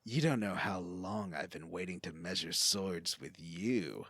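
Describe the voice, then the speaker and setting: A man's voice: low voice, a little slow, fairly bright tone, slightly rough, no echo, voice pushed down, full character voice. A man voicing a smug, money-loving male swordsman from a video game in an offhand, casual paraphrase. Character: male game character, mercenary swordsman, mercenary and flirty.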